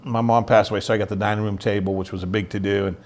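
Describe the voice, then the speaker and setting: This is a man who is a middle-aged interview guest telling his own story with plain sincerity. His voice sits somewhat low, and he acts out the lines of the people he quotes. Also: level tone, very fast. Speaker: guest, youth ministry founder. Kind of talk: personal testimony in an interview.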